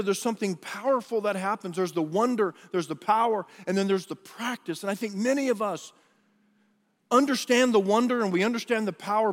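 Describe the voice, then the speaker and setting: A male pastor preaches in a high, earnest voice, often restarting his phrases. His words ring out with a long echo in a large church hall. His delivery is conversational rather than polished. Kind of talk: sermon.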